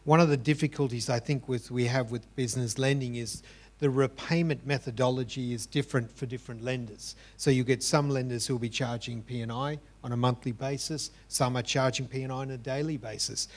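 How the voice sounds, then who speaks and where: A man speaking as a panelist on business lending, explaining in a measured, matter-of-fact way. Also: medium pitch, fairly even intonation. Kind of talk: panel discussion.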